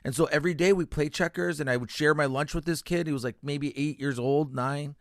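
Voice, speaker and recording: A man's voice: on the high side, a little fast, no room sound, clean studio sound. A male comedian with a Canadian accent, telling a personal story in a radio interview, candid and emotional, swearing freely and restarting his sentences. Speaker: comedian guest. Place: radio studio.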